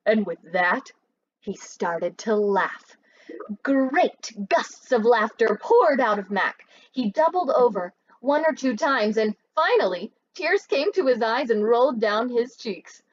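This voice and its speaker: A woman's voice: a little high, animated, slow pace, lo-fi sound. A woman teacher reading a children's book aloud expressively and asking her listeners questions.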